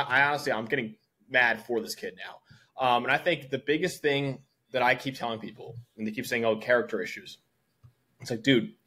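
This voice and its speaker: A man with a husky, slightly breathy voice speaks as a guest in a casual podcast chat. He argues heatedly and hammers his points home through repetition, at a mid-range pitch. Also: a bit bright. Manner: heated, emphatic, repeats points. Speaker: football analyst guest.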